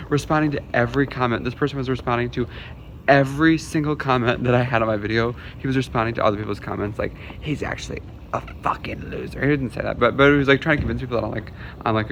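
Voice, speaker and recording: A young man in his twenties, vlogging from his car and various stores, talks candidly to the phone camera with swearing, jokes, and venting mixed together. His voice is mid-range, with slight background noise.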